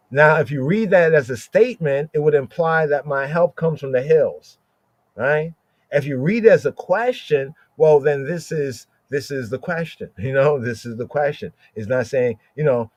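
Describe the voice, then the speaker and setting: A man hosting a podcast, teaching scripture in casual talk, thinking aloud with halting restarts and a steady stream of "right?" and "you know". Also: medium pitch, dry recording. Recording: dull, dry lo-fi sound.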